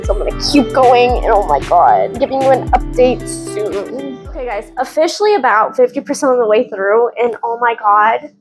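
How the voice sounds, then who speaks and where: High-voiced, gushing woman book vlogger. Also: normal speed, hardly any pauses, faint music behind, poor audio. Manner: gushing, excitable, giggly. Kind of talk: casual reading-update vlog.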